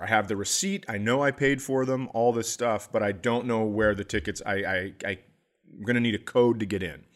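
A middle-aged man with a mid-range voice co-hosts a comedy podcast, telling rambling stories in casual chat and slipping into animated impressions.

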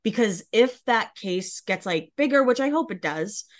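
A woman's voice: on the high side, expressive, moderate pace. A woman co-hosting a pop-culture podcast, chatting in a gossipy way with many fillers. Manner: chatty, gossipy, says "like" a lot. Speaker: podcast co-host. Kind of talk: casual pop-culture chat.

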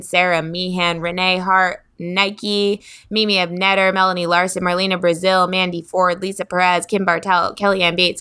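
Woman podcast co-host, bright and forceful tone, slightly low pitch, casual bubbly chat. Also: clean tone. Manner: bubbly, laughing, chatty with fillers.

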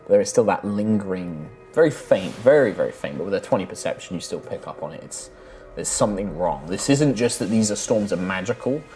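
A man narrating as game master of a tabletop game, relaxed and a little hesitant, with frequent fillers. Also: on the low side, fairly quick, soft background music.

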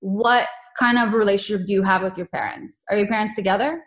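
A woman's voice: medium pitch, steady tone, quick pace. A woman hosting a podcast, asking friendly, chatty questions. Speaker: podcast host. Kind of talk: casual interview questions.

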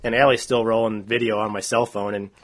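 A man co-hosting a podcast, telling a long story in a rambling, animated way, full of "like" and "uh". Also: fairly low pitch, fairly quick. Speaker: podcast co-host. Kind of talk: casual storytelling.

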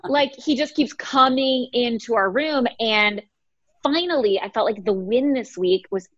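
A woman with a slightly high voice tells a story slowly, leaning on lots of fillers. Her audio is dull and lo-fi, as from a remote call. The sound is dry, with no room echo. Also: a bit bright. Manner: hesitant, filler-heavy storytelling. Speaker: mom and podcast guest. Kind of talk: casual chat.

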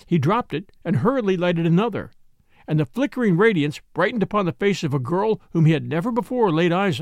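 Expressive, high-voiced male storyteller. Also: no room sound, studio quality. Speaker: audiobook narrator. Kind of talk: scripted narration of a classic novel.

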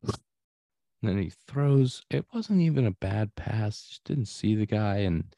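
A man's voice: lowish voice, expressive, creaky, mellow, no room sound. A man co-hosting a podcast, telling a sports story in an easygoing way. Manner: easygoing storyteller, reads ads briskly. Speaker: podcast co-host. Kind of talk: casual chat and read ad spot.

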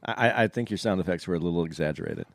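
Lower-voiced man co-hosting a podcast. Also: racing, no room sound, studio quality. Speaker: podcast co-host. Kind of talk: casual podcast banter.

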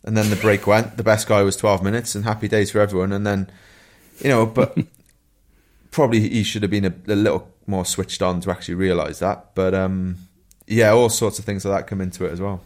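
Low-voiced Welsh man telling stories. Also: fairly quick. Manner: relaxed storytelling with laughs and asides. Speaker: co-host, former pro cyclist. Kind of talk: casual podcast chat.

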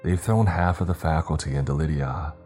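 A man's voice: very deep voice, brisk, warm tone, faint music behind. A man playing a scornful, exasperated teenage boy who talks bluntly and curtly in an audiobook. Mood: stern. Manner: scoffing, curt.

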